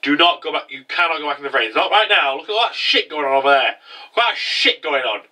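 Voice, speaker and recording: A man's voice: fairly high pitch, expressive, fast, bright, forceful tone, far from the mic, heavily acted. A man voicing a protective big brother who insistently warns his sister, repeating himself.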